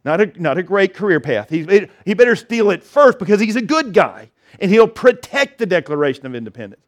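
A man's voice: high voice, sing-song, fairly quick. A man preaching an Easter sermon in a conversational way, with frequent restarts and emphatic repeated phrases. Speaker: pastor.

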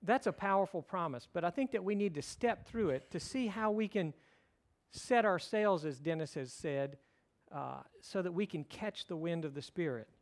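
A middle-aged pastor with a notably high-pitched voice delivers a sermon. Expressive and at normal speed, he preaches conversationally, telling stories and slipping in light humor as he guides listeners through the text.

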